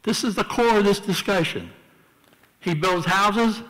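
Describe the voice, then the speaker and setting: A man speaks slowly and bluntly, arguing his point at a council hearing. His voice sits a touch high. The sound carries the long reverb of a council chamber. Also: lively intonation, a bit bright. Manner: blunt, argumentative. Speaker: public commenter. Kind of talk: public hearing testimony.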